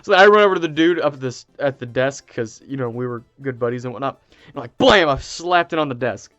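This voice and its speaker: A man casually telling stories to camera, excitable and rambling, with lots of fillers and restarts. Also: medium pitch, a little fast, no room sound, highs cut off, faint music behind. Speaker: channel host.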